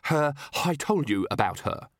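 A man's voice: medium pitch, big pitch swings, normal speed, dry recording, studio quality, voice pushed up, natural voice. A man reading aloud, voicing an anxious, fussy woman who employs a governess; she stammers and talks in a flustered way.

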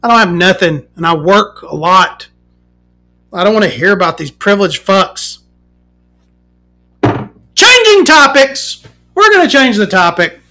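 A woman hosting a podcast, ranting casually and swearing, swinging from loud outbursts to muttering. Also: mid-range voice, big pitch swings, unhurried, pauses often. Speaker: podcast host.

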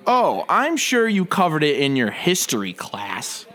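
Smug preppy college guy, a man doing the voice, condescending, slow and raised in pitch. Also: huge pitch swings, fairly bright tone, exaggerated voice. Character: entitled preppy male college student.

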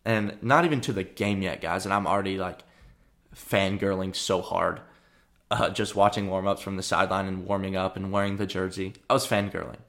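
A young man from Arkansas hosting a podcast, telling a story in a chatty, animated way with lots of fillers. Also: sits low, fairly quick, vocal fry. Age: young adult. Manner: chatty, frequent fillers and restarts, animated retelling. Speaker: podcast host. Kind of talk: casual storytelling monologue.

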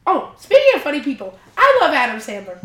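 A congested young woman, a podcast guest, rambling in casual chat and filling every pause with "like". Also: high-pitched, huge pitch swings, a bit bright. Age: young adult. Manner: rambling, says "like" constantly. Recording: echoey room.

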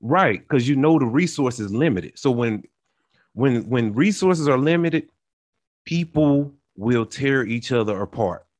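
A young man talks it through, earnest and searching, stopping and restarting as he builds examples. His voice sits at a middle pitch, and the recording is close and dry with no room sound. He sounds like a host in casual conversation. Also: lively intonation, unhurried, a little mellow, no echo. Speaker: podcast host.

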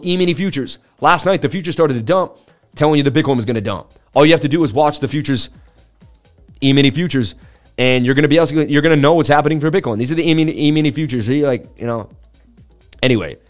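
Chatty man hosting a livestream. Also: medium pitch. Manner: chatty, excitable, with asides to viewers. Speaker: livestream host. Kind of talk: live market analysis, reading chat.

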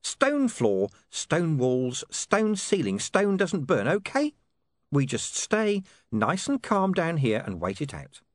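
A cold-blooded thug sneers out his threats in short, clipped phrases, as a man reads him in an audiobook. His pitch rises and falls sharply, and the sound stays dry and close. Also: huge pitch swings, slow pace, dry recording, heavily acted. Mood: sneering calm. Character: cold menacing male criminal, sneering. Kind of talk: audiobook character voice.

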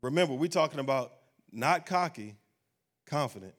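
A man's voice: on the high side, expressive, moderate pace. A man, a pastor preaching a sermon at a church service and closing in a rising, fervent prayer.

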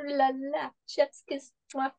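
A woman's voice: high-pitched, little pitch movement, slow, creaky, darkish tone. A woman co-hosting a podcast in casual chat, jokey and laughing often. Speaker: podcast co-host.

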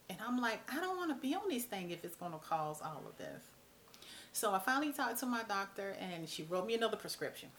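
A woman's voice: mid-range voice, a little hiss or hum. A woman, talking casually and bluntly to camera as a vlog host. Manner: animated, chatty, blunt, mild cursing.

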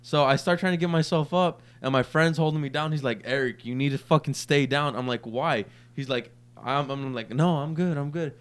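A man's voice: fairly high pitch, a little fast, hardly any pauses, clean tone. A young man on a podcast, casually telling a long, profane story and acting out the quoted lines. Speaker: podcast co-host.

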